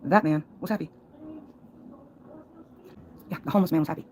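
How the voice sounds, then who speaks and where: A woman's voice: deep voice, brisk, mellow, a little hiss or hum, low-quality recording. A woman livestreaming a long, folksy, rambling monologue, laughing between thoughts.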